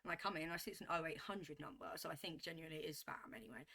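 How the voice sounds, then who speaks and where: A woman telling a story to camera in a vlog, animated and emphatic, repeating herself as she builds a point. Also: low voice, rapid-fire. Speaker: vlogger.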